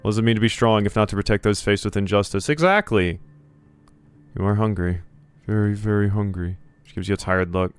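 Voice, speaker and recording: A man's voice: lowish voice, flat delivery, fast talker, hardly any pauses, clean tone, soft background music. A man hosting a let's play, reading game text aloud with sarcastic, joking asides. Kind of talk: playing a game and reading along.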